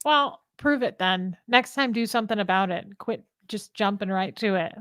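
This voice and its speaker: A woman's voice: medium pitch, moderate pace, a bit bright, no echo, clean studio sound. A woman co-hosting a casual livestream chat, playful and laughing, reading out viewer comments. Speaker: co-host.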